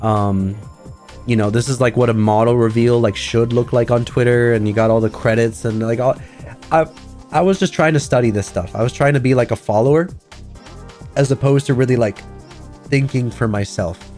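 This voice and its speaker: A man's voice: mid-range voice, normal speed, darkish tone, faint music behind. Chatty rambling man streaming. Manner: rambling, filler-heavy, chatty. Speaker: VTuber streamer. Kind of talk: casual livestream chat.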